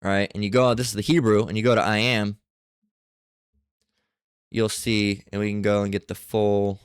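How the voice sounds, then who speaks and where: A man with a low, smooth voice talks through a scripture lesson in a loose, halting way. He stops and restarts often and reads passages aloud between his own thoughts. The recording is close and dry. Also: little pitch movement, no echo. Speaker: religious teacher. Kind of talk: casual scripture teaching.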